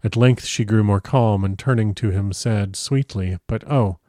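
Man, audiobook narrator, measured, grave, lowish voice, dry close sound. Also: dark tone, no room sound. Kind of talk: scripted narration of a classic novel.

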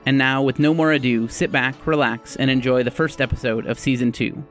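A man who hosts and runs the game, giving an earnest, grateful podcast intro and then narrating a story in a steady, scripted way. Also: medium pitch, brisk, soft background music. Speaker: host and game master.

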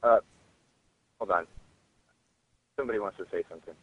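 A man with a mid-range voice calls in to gush happily about a favourite film, chatty and relaxed. The sound is tinny and dry, like a phone line. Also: fairly low pitch, fairly quick, slightly rough, no room sound. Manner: enthusiastic, chatty. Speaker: caller, movie reviewer.

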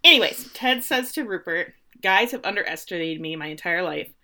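Lively woman retelling a story. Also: on the low side, brisk. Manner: animated storyteller, acts out characters' lines. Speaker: podcast co-host recapping an episode. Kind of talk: casual chat.

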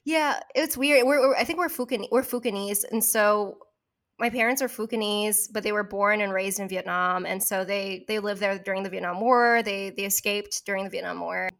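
Young Californian woman, thoughtful and halting, casual talk. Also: mid-range voice, fairly even intonation, vocal fry, a bit bright. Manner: thoughtful, halting, with many restarts. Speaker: actor, co-host. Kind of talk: casual conversation.

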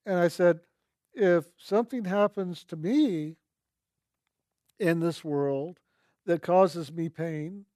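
Earnest male storyteller, higher-pitched, dry close recording. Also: a little mellow, no echo. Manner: reflective, earnest, quotes others in his own voice. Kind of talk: personal storytelling.

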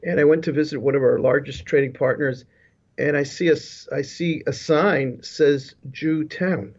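Higher-voiced man on a dull video call. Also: fairly even intonation, moderate pace, darkish tone. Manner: rambling, with frequent restarts and asides. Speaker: guest, business leadership consultant. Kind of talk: casual interview storytelling. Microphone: remote video call.

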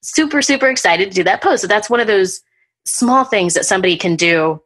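Woman, podcast host, casual chat, animated storytelling, mid-range voice. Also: mid-range voice, a little fast. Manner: animated storyteller, acts out what people said.

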